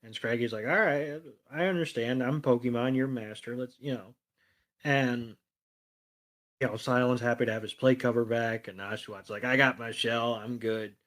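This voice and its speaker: A man's voice: mid-range voice, moderate pace. A man co-hosting a podcast, casually recapping a cartoon episode and loosely quoting the characters, with plenty of ums and you knows. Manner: relaxed storytelling, quotes characters in a plain voice, frequent fillers. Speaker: podcast co-host.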